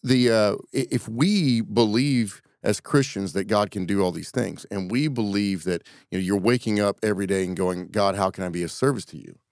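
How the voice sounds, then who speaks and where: A man's voice: on the low side, normal speed, hardly any pauses, a little mellow, no room sound, clean studio sound. A man co-hosting a podcast who talks earnestly and reflectively about his faith in a casual chat. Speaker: podcast co-host.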